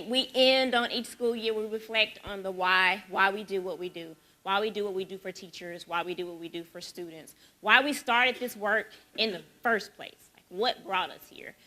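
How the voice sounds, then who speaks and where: A woman in her forties from Memphis with a Southern accent, giving a lively conversational keynote talk at an education symposium. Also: medium pitch. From Memphis, Tennessee. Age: 40s. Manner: lively, conversational, rhetorical questions. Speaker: symposium speaker.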